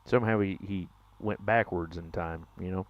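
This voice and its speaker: A young man in his twenties with a drawl, ribbing his chat as he plays. His voice sits fairly low. The stream mic sounds dull and lo-fi. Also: fairly even intonation, moderate pace. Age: 20s. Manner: joking, teasing chat, drawling. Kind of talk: casual live-stream chat while gaming.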